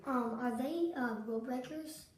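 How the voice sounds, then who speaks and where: A woman's voice: high voice, moderate pace, a little mellow, recorded from a distance, a little hiss or hum. Tentative woman student, away from the mic. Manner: tentative, brief answers. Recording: echoey room, away from the mic.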